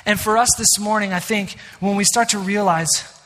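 Male pastor, high bright voice, earnest preaching with casual asides, long church-hall reverb. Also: steady tone, normal speed. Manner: earnest, emphatic, with conversational asides. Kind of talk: sermon.

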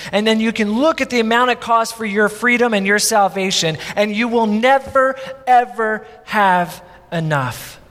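A man's voice: high-pitched, in a large hall. A male pastor preaching a sermon in a conversational, storytelling way, acting out the people in his story. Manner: animated, conversational, acts out quotes.

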